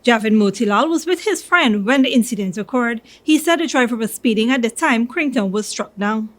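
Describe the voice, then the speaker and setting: A woman with a Guyanese accent reading a news report voice-over in a measured, formal way. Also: on the high side, lively intonation.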